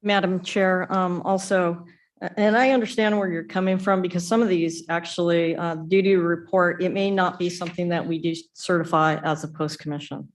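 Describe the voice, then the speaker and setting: A woman's voice: lowish voice, steady tone, normal speed. A woman speaking as a commission member in a meeting, hesitant, with many ums. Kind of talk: meeting discussion.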